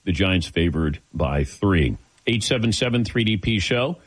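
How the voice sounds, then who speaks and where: A man's voice: deep voice, unhurried, slightly rough. A man hosting a sports radio talk show, joking with his crew between segments. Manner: lively, joking, sets up segments.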